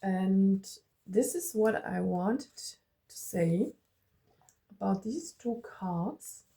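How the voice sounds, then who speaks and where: A woman's voice: medium pitch, animated, very slow, creaky, dark tone. A woman with a German accent reading oracle cards for her viewers in a vlog, gushing and affectionate, repeating herself and laughing often. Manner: laughs often while talking. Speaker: tarot and oracle card reader.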